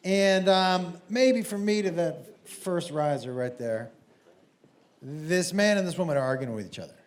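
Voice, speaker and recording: A middle-aged man doing stand-up storytelling, profane and animated, who often laughs at his own jokes. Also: a little high, unhurried. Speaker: stand-up comedian. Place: comedy stage before an audience. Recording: live show with loud crowd noise.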